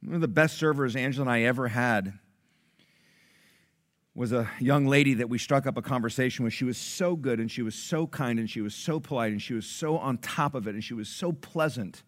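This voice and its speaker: A middle-aged man preaching a sermon, telling a story with loud excited bursts and soft low asides. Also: brisk. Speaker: pastor.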